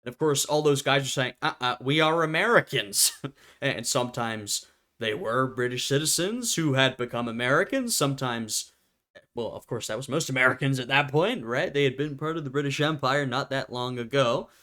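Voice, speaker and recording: A man's voice: medium pitch, moderate pace, fairly bright tone. Man, casual history commentary, chatty, laughs a lot, acts out quotes. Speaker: history reaction host. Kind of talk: casual commentary reacting to a video.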